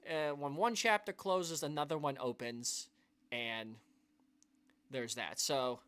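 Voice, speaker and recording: This is a man with a voice a touch higher than most, hosting a live stream for his viewers. He talks in an earnest, rambling way, restarting sentences and sighing. An emotional weight runs through his talk. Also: takes it slowly, a bit bright, clear, resonant tone. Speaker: YouTube channel host.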